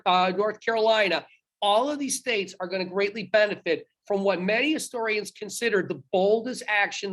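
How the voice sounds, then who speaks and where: A man's voice: high-pitched, fairly bright tone. Male history teacher recording an online lecture on his laptop; conversational and emphatic, self-correcting.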